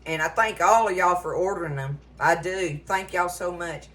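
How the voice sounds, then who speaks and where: A woman's voice: on the low side, normal speed, hardly any pauses, a bit bright. Folksy woman hosting a cooking show. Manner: folksy and chatty, addresses viewers as y'all. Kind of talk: casual cooking chat to viewers. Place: home kitchen.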